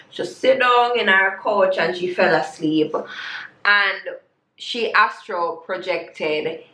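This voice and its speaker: A woman's voice: mid-range voice, fairly bright tone. A woman, telling a story in a casual, sarcastic way with creole grammar, like a vlogger reviewing a show. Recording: echoey room.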